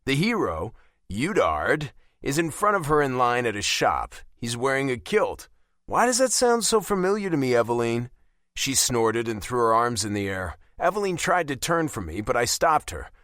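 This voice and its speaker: A man narrating a romance audiobook in the first person, confident and lively. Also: medium pitch, moderate pace, no echo, clean studio sound.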